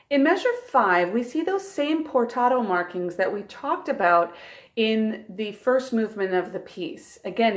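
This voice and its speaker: A woman at a middle pitch explains flute phrasing in a calm, clear tutorial manner. Her delivery is steady and encouraging, as a teacher guiding students through a piece. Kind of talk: instructional tutorial.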